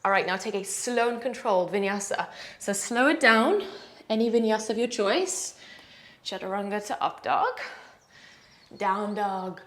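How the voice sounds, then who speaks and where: A young woman guides a power yoga flow in a calm, encouraging voice. She speaks slowly and at an ordinary pitch, counting down each hold aloud and cueing every breath. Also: a little hiss or hum. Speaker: yoga instructor.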